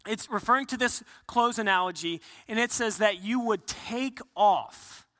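A man's voice: high-pitched, measured pace, pushed and bright, long reverb tail. A man preaching a sermon earnestly, often restarting phrases and acting out quotes. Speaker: pastor.

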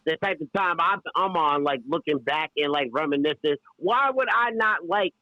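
A man co-hosting a casual podcast, talking in excitable slang with frequent restarts. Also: a little high, moderate pace, dry recording, muffled recording. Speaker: podcast co-host.

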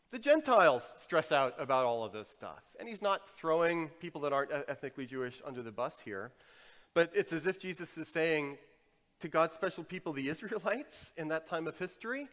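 A male pastor delivers a sermon from the pulpit of a church. His voice sits a little high for a man, and the sound rings out with long reverb in the large room. His delivery moves between quiet, pointed emphasis and loud, driving exhortation. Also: animated, a little fast. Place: church sanctuary.

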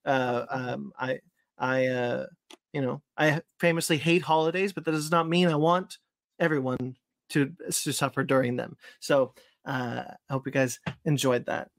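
A man in the host's chair who talks in loose, looping sentences and keeps starting over. His voice sits at an ordinary middle pitch, and the sound is dry and close with no room echo. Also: flat delivery, unhurried, gravelly. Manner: rambling, with many fillers and restarts. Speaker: podcast host. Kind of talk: casual podcast chat and sign-off.

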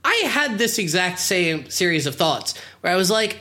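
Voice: mid-range voice, big pitch swings, moderate pace, few pauses, bright, forceful tone. A podcast co-host in casual chat, recounting the episode in a wry way.

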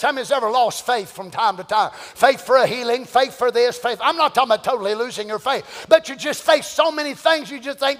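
A man preaching a sermon to a church congregation, animated and firing rhetorical questions. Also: very high-pitched, quick pace, few pauses. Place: church sanctuary. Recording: long church-hall reverb.

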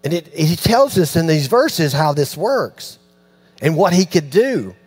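Animated storytelling preacher, man. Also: fairly high pitch, a little slow, husky. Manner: animated storytelling, acts out voices, dropping to near-hushed tones. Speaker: pastor. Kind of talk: sermon.

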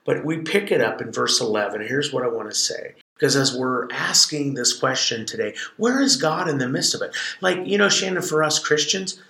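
A man co-hosting a ministry podcast, teaching from scripture in an animated way and dramatizing the verses with shifting voice. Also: mid-range voice, moderate pace, vocal fry, hardly any pauses, reverberant. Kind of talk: conversational Bible teaching.

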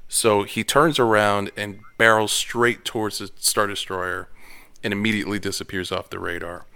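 A man hosting a casual chat, retelling a film in an animated, profane way. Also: on the low side, normal speed, vocal fry, clear, resonant tone.

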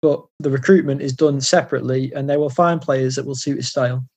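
A man's voice: mid-range voice, steady tone, fast, darkish tone, husky. A man co-hosting a casual football podcast, agreeable and thinking aloud with hesitations. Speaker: podcast co-host.

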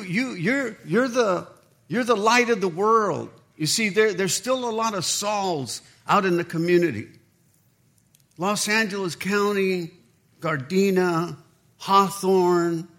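High-voiced man preaching a lively sermon. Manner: animated storytelling, acts out quoted dialogue. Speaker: pastor.

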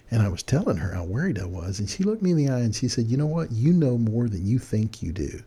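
An older man giving friendly, animated advice to young people in a folksy storytelling manner. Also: lowish voice, creaky, breathy edge. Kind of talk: casual talk.

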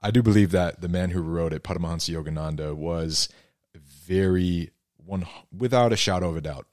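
A man's voice: low voice, a little fast, a little mellow, no room sound, clean studio sound. A man who is a podcast guest, explaining things earnestly in casual conversation with many fillers. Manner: earnest storytelling, heavy use of fillers.

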